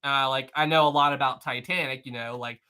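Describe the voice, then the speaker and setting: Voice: mid-range voice, fairly even intonation, fairly quick, sharp tone, clear, resonant tone. A live-stream host chatting casually and answering the chat, often repeating phrases.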